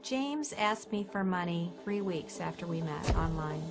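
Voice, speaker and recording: A woman with a fairly low voice gives a recorded account as a talk show guest. She tells it plainly and matter-of-factly, with clear music underneath. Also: lively intonation, a little slow. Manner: plain, matter-of-fact telling.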